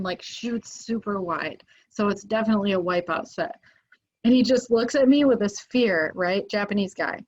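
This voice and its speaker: A woman in the middle of a casual storytelling, filling her sentences with "like" and getting animated when the story peaks. Her pitch sits in the middle of the range. The sound is a little dull, as if from a basic podcast mic. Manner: animated, lots of "like" fillers, rises when excited. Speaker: podcast guest.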